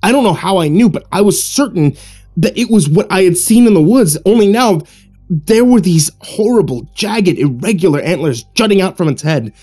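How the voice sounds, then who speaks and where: A man narrating a horror story in a hushed, suspenseful storytelling manner. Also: high voice, lively intonation, moderate pace, breathy edge, faint music behind. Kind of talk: scripted narration.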